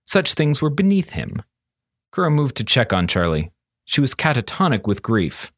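Expressive male audiobook narrator. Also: medium pitch, moderate pace, no room sound, studio quality.

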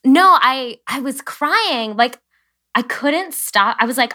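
Young woman co-host, candid and self-deprecating, bright tone. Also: high-pitched, expressive, slow. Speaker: podcast co-host. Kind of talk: casual podcast chat.

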